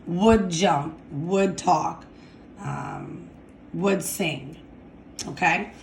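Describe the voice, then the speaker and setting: Female teacher, low-pitched, unhurried, checks in with "okay?", echoey room. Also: slight background noise. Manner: slow, deliberate, repeats "okay?" to check understanding. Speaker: Spanish teacher. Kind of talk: classroom grammar lesson.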